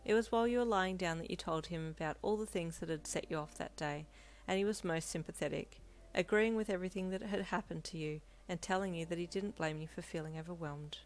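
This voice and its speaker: A woman narrating a second-person romance fan story in a calm, even storytelling manner. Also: fairly low pitch, fairly quick.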